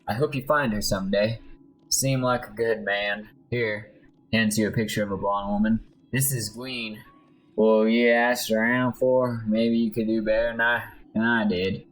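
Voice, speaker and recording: A man voicing a heartbroken young male army deserter, telling his story in a slow, mournful way during a game. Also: lowish voice, fairly even intonation, slight background noise, close to an everyday voice, poor audio. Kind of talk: let's play voice acting.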